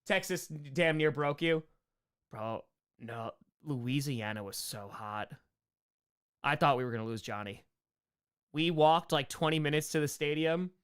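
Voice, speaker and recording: Joking and rambling between chat questions, this young man runs a loose live-stream Q&A full of quick asides. His slightly high voice comes through smooth and clear.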